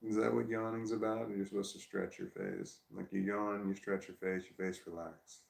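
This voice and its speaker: A man's voice: sits low, animated, normal speed, gravelly, echoey room. A tired man in a casual vlog, rambling and arguing with himself at home. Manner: talks to himself, argues with himself, laughs and sighs. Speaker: vlogger. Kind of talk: rambling self-talk vlog. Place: at home on a couch with his dog.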